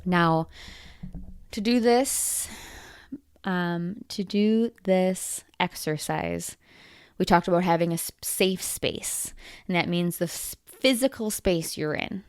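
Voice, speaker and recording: A woman hosting a solo self-help podcast, coaching listeners in a deliberate, encouraging and gently playful way. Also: lowish voice, clear, resonant tone, dry recording, clean studio sound. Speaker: podcast host.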